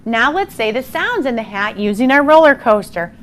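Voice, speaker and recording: A woman teaching a phonics lesson to young children, slow and encouraging, sounding out words with exaggerated care. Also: on the high side, very animated, fairly bright tone, a little hiss or hum. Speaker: primary school teacher.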